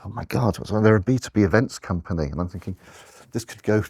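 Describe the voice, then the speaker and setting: A man's voice: on the low side, quick pace, a little mellow, breathy edge. A man giving a conversational slide talk to an audience, often restarting and correcting himself. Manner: rambling, restarts, self-corrections.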